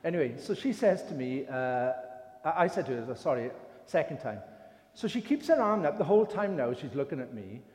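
A man's voice: a little high, very animated, fairly quick, a little mellow. An older man with an English accent giving an informal sermon, chatty and self-deprecating as he tells a story. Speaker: lay preacher. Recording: reverberant hall.

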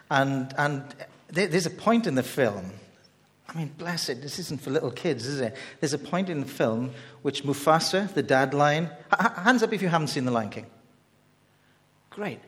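A man gives a sermon in a slightly higher-than-usual voice, talking to the room as if chatting and tripping over repeated starts. His words ring out with a long reverb from a large hall. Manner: conversational, halting with many repeated starts. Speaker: preacher.

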